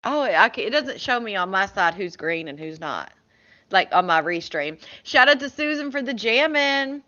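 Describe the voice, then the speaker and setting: A woman's voice: medium pitch, lively intonation, moderate pace, sharp tone, lo-fi sound. A woman hosting a casual live stream, chatting and greeting viewers one by one by name.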